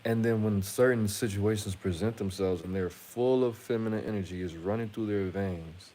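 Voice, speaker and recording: A channel host with a lowish, dark voice talks at normal speed through a rambling, casual monologue aimed at his viewers. He's blunt and profane and frequently breaks off to restart sentences, with a faint hiss running underneath.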